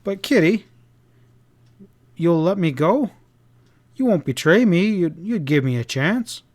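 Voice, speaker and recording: A man's voice: sits high, expressive, a little mellow, voice pushed up, full character voice. A man doing a nervous, stammering cowboy. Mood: desperate. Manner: hurried, faltering, stammering. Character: nervous frightened young man on the run.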